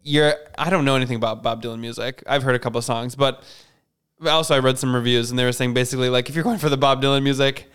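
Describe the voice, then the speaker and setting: Smooth-voiced rambling man. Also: mid-range voice, fairly even intonation, fast, fairly bright tone. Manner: rambling, self-correcting, laughing. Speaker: podcast co-host. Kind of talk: casual chat.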